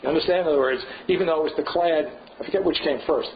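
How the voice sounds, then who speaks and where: An older man gives a loose, digressive seminar talk, pondering aloud and prodding listeners with "right?" and "you see?". His voice sits a bit higher than most men's. The recording is dull and lo-fi, with a faint hiss underneath. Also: racing. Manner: digressive, thinking aloud, frequent rhetorical "right?". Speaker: seminar lecturer. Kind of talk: informal seminar lecture.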